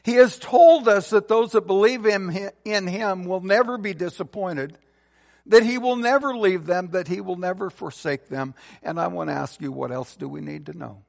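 A man preaches a sermon in a high, gravelly voice, building to emphatic, forceful peaks before easing into soft, low phrase endings. His words carry a long reverb from a large church hall. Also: moderate pace. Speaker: pastor.

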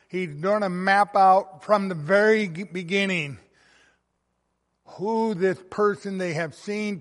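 A man preaching a sermon, reading scripture and stressing words with rising passion, swinging between soft and loud. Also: sits high. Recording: long reverb of a hall.

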